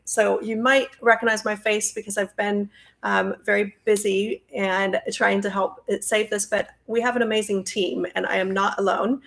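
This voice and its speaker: A woman's voice: mid-range voice, creaky, fairly bright tone. A woman hosting a live-stream Q&A, introducing her guests in a friendly, chatty way with lots of fillers. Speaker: host and nonprofit president.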